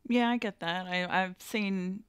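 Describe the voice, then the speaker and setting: A woman from Australia on a radio panel, earnest and quick to laugh along. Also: medium pitch, clear, resonant tone, no echo, clean studio sound. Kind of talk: casual chat.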